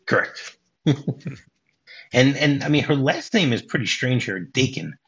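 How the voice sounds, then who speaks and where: A man's voice: mid-range voice, lively intonation, measured pace, fairly bright tone. Lo-fi podcast host, man. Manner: retells film scenes, acting out the lines. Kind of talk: casual movie podcast chat.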